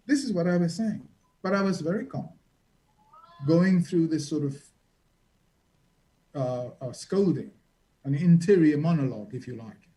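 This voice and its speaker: Man telling war stories, bright. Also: on the high side, lively intonation, measured pace, pauses often, rough recording. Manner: vivid, dramatic storyteller acting out quotes. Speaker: international reporter, guest. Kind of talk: storytelling in a conversation.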